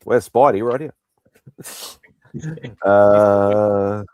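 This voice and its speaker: A man hosting a live pop-culture hangout stream, greeting viewers by name in a relaxed, chuckling way. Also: lowish voice, slow, pauses often, no room sound, clean studio sound. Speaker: host. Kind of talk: casual live-stream chat.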